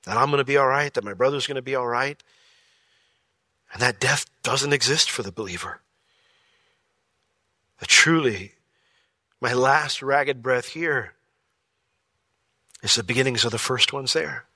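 Pastor giving a conversational sermon, bright and close in a dry room. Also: male voice, mid-range voice, unhurried, long pauses, no room sound. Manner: lively, conversational, with jokey asides and acted-out quotes.

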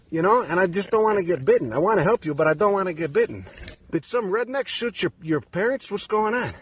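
Man, Chicago accent, higher voice, hushing and coaxing, faint noise behind. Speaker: man in a viral video calming a coyote. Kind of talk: soothing talk to a wild animal.

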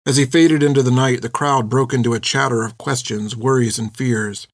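A man giving measured, expressive scripted narration of a storybook. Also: medium pitch, no echo, clean studio sound. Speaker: audiobook narrator.

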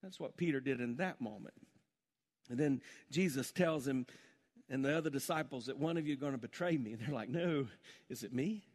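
A man preaching a sermon as pastor, swinging between emphatic exclamations and hushed prayer. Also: mid-range voice, fairly quick, long reverb tail. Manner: animated, rising to emphatic exclamations then dropping to hushed prayer.

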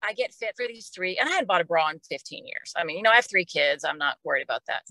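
As a podcast guest, a middle-aged woman from Oklahoma shares a personal story in a fairly low, expressive voice, talking fast. She sounds emotional and casual, often repeating words as she goes. Her voice comes across bright and clear, recorded dry and close with little room sound, though the recording quality is low.

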